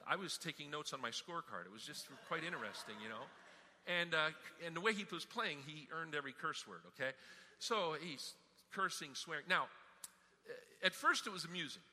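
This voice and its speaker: Brief: man preaching, bright tense voice, slightly high, long hall reverb. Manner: animated storytelling, emphatic. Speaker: pastor. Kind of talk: sermon.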